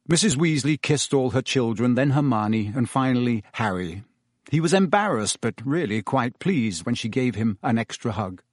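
A man narrating a story in a measured storytelling voice. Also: medium pitch, no echo, studio quality. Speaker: audiobook narrator. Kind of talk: scripted narration.

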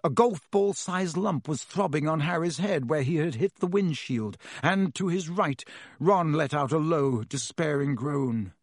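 A man's voice: on the high side, a little slow, dry recording, clean studio sound. A man narrating a storybook in a vivid, dramatic way. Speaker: audiobook narrator.

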